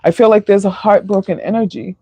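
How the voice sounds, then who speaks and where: A woman's voice: mid-range voice, fairly even intonation, brisk, dark tone, breathy edge, no echo. A woman doing a live tarot reading, emotional and sighing, with many fillers. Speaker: tarot reader.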